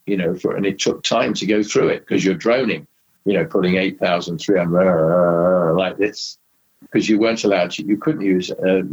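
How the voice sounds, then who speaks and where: A man's voice: fairly low pitch, vocal fry, slightly rough, highs cut off. An older man, a former racing driver, telling rambling anecdotes in an interview with many restarts and asides. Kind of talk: anecdotal storytelling in conversation.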